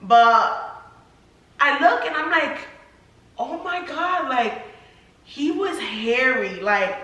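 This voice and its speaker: A young woman with a bright, fairly high voice talks her way through a storytime in a chatty, filler-heavy manner that turns emotional. The recording is very echoey, with the mic some distance away. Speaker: vlogger, new mother. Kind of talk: storytime chat.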